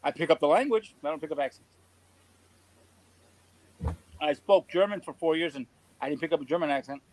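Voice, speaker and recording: A man's voice: fairly high pitch, rapid-fire, darkish tone, a little hiss or hum, rough recording. A man from California chatting as a guest on a video call, telling stories in an easygoing, repetitive way. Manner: storytelling, easygoing, repeats words. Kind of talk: casual chat.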